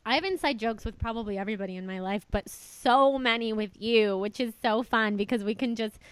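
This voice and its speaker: A woman's voice: a little high, a little fast, clear, resonant tone, dry recording, poor audio. Young female podcast host, gushing and dramatic, dry close mic. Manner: excitable, chatty, exaggerating. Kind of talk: casual chat.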